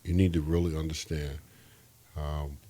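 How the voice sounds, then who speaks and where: A man's voice: extremely low pitch, level tone, moderate pace, mellow, husky. A man as an interview guest, telling an earnest, rambling faith testimony and often restarting his sentences.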